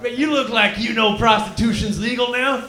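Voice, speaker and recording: A man's voice: very high voice, steady tone, moderate pace, sharp tone. A man voicing a crude, stoned male Texan cobra with a put-on Texan drawl, rambling and whooping in a live stand-up character bit. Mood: stoned rowdy. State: claims to be high, cotton mouth. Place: comedy lounge stage, live. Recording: roomy live club room.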